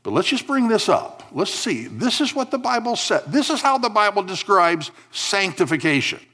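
A man preaching a sermon as pastor, stressing key words slowly and dropping to quiet asides. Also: high voice, sing-song.

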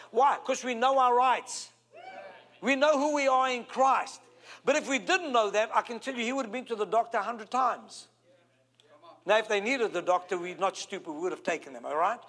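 A South African man preaching with a strikingly high voice. He talks in an animated way, drawing out key words and pausing to call for amens. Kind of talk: sermon.

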